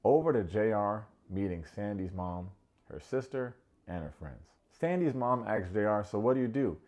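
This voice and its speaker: A man hosting a comedic TV recap, sarcastic and quick to mock. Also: lively intonation, a little mellow. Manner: sarcastic, acts out quotes in high mocking voices. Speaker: recap show host.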